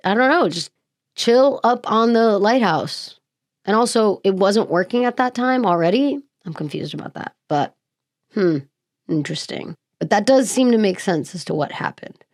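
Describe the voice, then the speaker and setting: A woman podcast host reading a mystery script aloud and breaking off into jokey, animated asides full of quick self-interruptions. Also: lowish voice, dry recording, clean studio sound.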